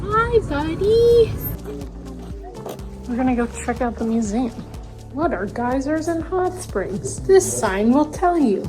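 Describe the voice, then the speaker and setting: A woman's voice: a little high, expressive, normal speed. A young woman narrating a casual travel vlog outdoors, chatty and playful. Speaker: vlogger. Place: outdoors in national parks and campground. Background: music.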